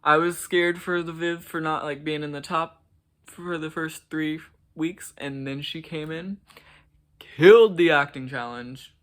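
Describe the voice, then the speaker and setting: A man's voice: fairly high pitch, measured pace, fairly bright tone. A man giving casual, gushing reaction commentary to a show, swearing and saying "like" a lot. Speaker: reaction vlogger.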